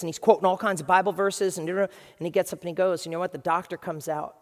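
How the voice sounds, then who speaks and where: Man preaching in an echoing hall. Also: sits high. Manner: lively, conversational preaching with quick asides to the congregation. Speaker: pastor. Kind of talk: sermon. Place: large church hall with a congregation. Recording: long reverb of a large hall.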